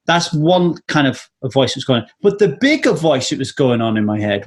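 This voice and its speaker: A man's voice: medium pitch, sing-song, normal speed, hardly any pauses. A man hosting a casual interview, candid and swearing freely as he tells stories. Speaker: podcast host.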